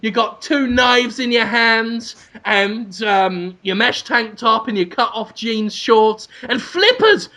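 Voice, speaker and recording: A man's voice: very high voice, animated, slow pace, hardly any pauses, bright, forceful tone. A man, co-hosting a comedy podcast and spinning a rambling, crude, absurd story. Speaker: podcast co-host.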